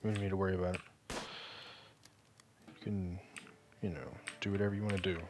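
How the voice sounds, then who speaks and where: A man's voice: low-pitched, little pitch movement, background noise. A man giving casual, rambling gameplay commentary, joking and poking fun at himself, often stopping to restart his sentences. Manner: rambling, joking, self-deprecating; halting, frequent restarts. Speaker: gaming video creator.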